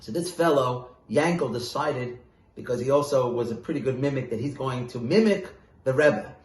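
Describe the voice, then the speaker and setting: A man's voice: mid-range voice, normal speed, roomy sound. Man casually telling a Hasidic tale. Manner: casual, with fillers, bursts of loud animation. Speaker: storyteller. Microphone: phone voice message.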